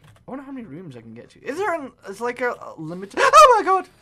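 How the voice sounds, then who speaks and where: A young man commentating on a horror game, excitable, swearing constantly and yelping at scares. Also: high voice, quick pace, breathy edge. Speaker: gaming video creator.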